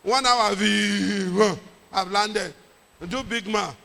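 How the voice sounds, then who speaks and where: A middle-aged Nigerian man, a pastor, telling a lively story in a sermon with jokes and pidgin. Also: high voice, extremely slow, creaky, big-room sound.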